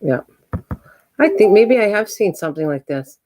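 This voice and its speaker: A woman's voice: medium pitch, big pitch swings, normal speed, dark tone. A woman hosting her crafting channel, chatting casually and teasing while she works on journal pages. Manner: chatty, teasing, laughs easily.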